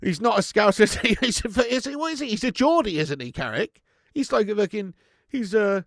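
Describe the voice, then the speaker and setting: Bloke ranting on a footie watch-along stream, swears a lot, close dry mic. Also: male voice, high voice, brisk, dry recording. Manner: blunt, sweary, animated ranting; reads out viewer chat messages. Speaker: football watch-along host. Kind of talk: live match watch-along commentary.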